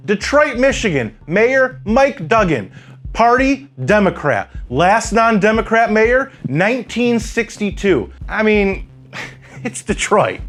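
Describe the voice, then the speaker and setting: A man from Chicago reads a scripted commentary in a high voice. His delivery is sarcastic and wry, with a dry bite on each punchline. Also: fairly bright tone. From Chicago, USA. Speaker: political commentator.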